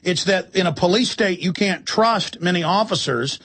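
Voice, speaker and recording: A man hosting a radio call-in show, ranting forcefully and acting out his own exchanges with police. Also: high-pitched, moderate pace. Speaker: radio talk show host.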